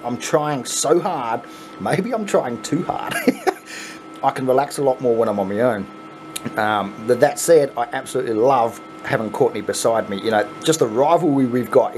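An excitable middle-aged Australian man talks through an unboxing for his vlog in a casual, chuckly way and swears freely. His pitch swoops up and down all the time. A faint hum of room ambience sits under his voice. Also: normal speed. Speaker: coin pusher channel host.

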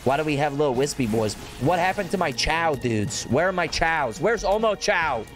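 A young man streaming a game, chatting casually and rambling with excitement, swearing and breaking into high whoops. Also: moderate pace, soft background music. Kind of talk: casual gameplay commentary.

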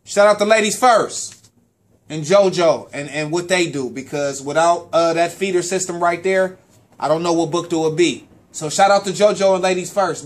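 A man hosting a local sports talk show, talking in a casual, animated way with a slightly higher voice. He repeats words and stumbles over names as he runs through his shout-outs. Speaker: parent and sports official.

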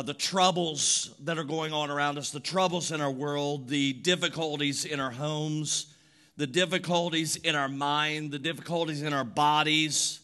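A man preaching a sermon as pastor, using rhythmic repeated phrases and building from quiet reflection to loud emphatic preaching. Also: fairly high pitch.

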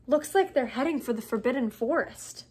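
Woman voicing a determined teen boy wizard, plain steady voice, a little high, storybook reading. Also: normal speed, slightly rough. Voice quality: plain, steady, sometimes muttered.

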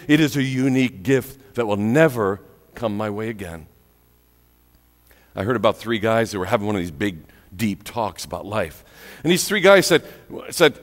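A man's voice: medium pitch, moderate pace. Exuberant preacher man in a reverberant church. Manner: lively, exclaiming preaching with shouted punchlines. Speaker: pastor. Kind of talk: sermon. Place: church sanctuary.

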